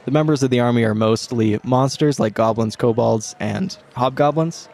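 A man narrating as game master in a tabletop game, with an ordinary middle pitch. His delivery is steady and descriptive. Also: moderate pace, gravelly.

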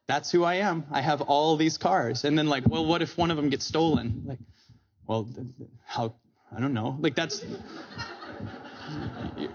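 A man giving a motivational talk with comic asides on stage, animated and acting out quotes in different voices. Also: a little high, lo-fi sound. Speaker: speaker. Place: stage before a live audience.

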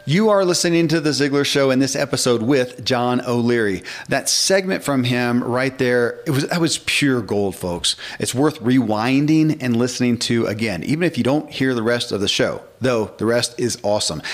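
A man in his forties hosting a podcast interview, talking with enthusiasm and reading passages aloud from a book. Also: medium pitch. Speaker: podcast host. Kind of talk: casual interview chat.

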